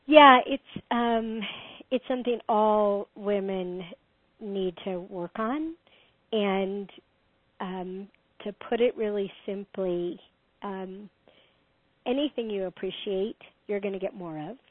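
A middle-aged woman giving relationship advice in an animated, casual way, laughing often. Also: medium pitch, takes it slowly, no echo. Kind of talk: casual conversation. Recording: dry tinny phone-like sound.

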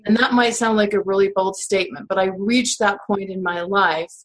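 A woman hosts a conversation and responds to her guest in a measured, reassuring manner. Her voice sits at a middle pitch. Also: fairly even intonation, rough recording. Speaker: host. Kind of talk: casual chat.

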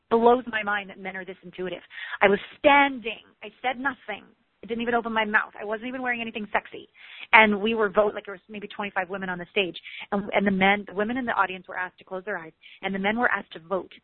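A woman's voice: mid-range voice, fast, no echo. Candid woman coach, tinny phone sound. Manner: candid, animated, swears casually. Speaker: relationship coach. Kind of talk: motivational talk.

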